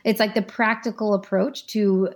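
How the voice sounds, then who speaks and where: A woman, a guest author and life coach, explaining ideas in a relaxed, practical interview style with frequent fillers. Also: medium pitch, normal speed. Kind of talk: conversational interview.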